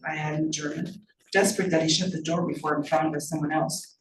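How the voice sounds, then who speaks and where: A woman reads her own novel aloud in a measured storytelling manner. The mic sits at a distance, so the room echoes around her. A faint noise stays underneath. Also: deep voice, fairly even intonation, darkish tone. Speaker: author.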